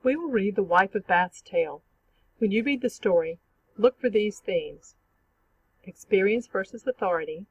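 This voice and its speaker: Measured teacher narrating a literature lesson. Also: medium pitch, dry recording, highs cut off. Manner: clear, measured explanatory reading.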